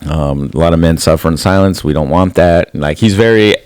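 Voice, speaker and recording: A man's voice: sits low, a little fast, a little mellow, smooth, dry recording. A man co-hosting a podcast, talking in a laid-back, rambling way full of "like" and "dude.". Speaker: podcast co-host. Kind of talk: casual chat.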